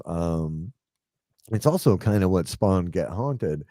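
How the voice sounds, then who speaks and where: Taking it slowly, a man in his forties with a deep, warm voice and big pitch swings tells a rambling personal tale, filler-heavy and full of acted-out dialogue. The studio recording has no echo.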